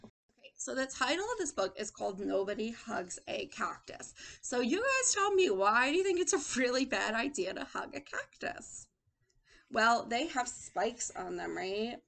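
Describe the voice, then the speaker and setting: A woman's voice: fairly high pitch, big pitch swings, normal speed, creaky, fairly bright tone. A woman teacher giving a lesson and reading a storybook aloud, asking the children questions and calling them friends.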